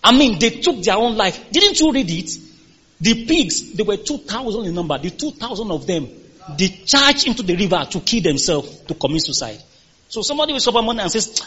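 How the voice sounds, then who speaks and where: A male pastor preaches with an emphatic, rising-and-falling delivery, pressing his listeners for answers. His voice sits high and carries a husky grain. The recording is dull and lo-fi. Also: big pitch swings, brisk, a bit bright. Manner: emphatic, call-and-response with congregation. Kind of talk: sermon.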